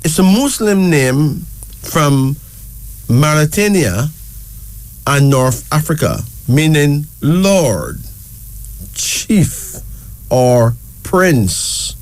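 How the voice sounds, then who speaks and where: A man hosting a casual talk show, slowly spelling out each name letter by letter and repeating words for emphasis. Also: a little high, sing-song, no room sound. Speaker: show host. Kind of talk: casual talk presenting names.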